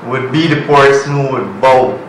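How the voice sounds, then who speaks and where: A man joins a political talk show and speaks with earnest emphasis. His voice has a medium pitch. He sounds a bit far from the mic, in an echoey room with faint noise. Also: moderate pace.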